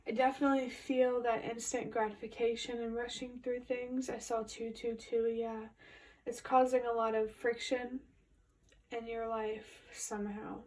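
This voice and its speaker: A woman's voice: fairly high pitch, level tone, normal speed, darkish tone. A woman giving a casual spoken tarot reading, musing her way through intuitive, meandering commentary. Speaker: tarot reader. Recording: voice a bit distant from the mic.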